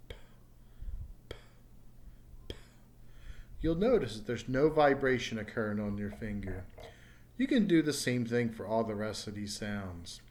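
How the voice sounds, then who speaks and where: A man teaching an English pronunciation lesson and saying his example words slowly and carefully. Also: fairly low pitch, darkish tone. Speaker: ESL teacher.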